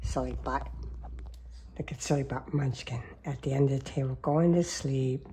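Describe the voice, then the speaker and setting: A woman's voice: rumbling low, fairly even intonation, moderate pace, warm tone, slight background noise. A woman talking baby talk to her cats at home, cooing and sometimes whispering in a sing-song way. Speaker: cat owner filming her cats. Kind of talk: casual baby talk to pets. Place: home, at a table with coffee.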